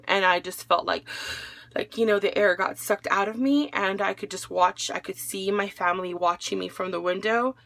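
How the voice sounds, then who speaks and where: A woman's voice: mid-range voice, steady tone, moderate pace, creaky, fairly bright tone. A young adult woman recounting a painful day in a personal vlog, emotional as she relives events and quotes the people she spoke with. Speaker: widow telling her story.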